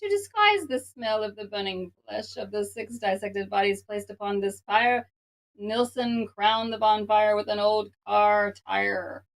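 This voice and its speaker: A woman's voice: mid-range voice, measured pace, creaky, low-quality recording. A woman co-hosting a casual true crime podcast, reading the case aloud and stumbling over words now and then. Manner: reads aloud, stumbling on words, laughing often.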